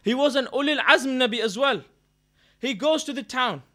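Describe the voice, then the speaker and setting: A man's voice: very high voice, normal speed, fairly bright tone. A man telling a moral story as a speaker at a religious mourning gathering, earnest and often correcting himself mid-sentence. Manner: earnest retelling with frequent self-corrections. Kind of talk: storytelling sermon. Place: gathering hall in London.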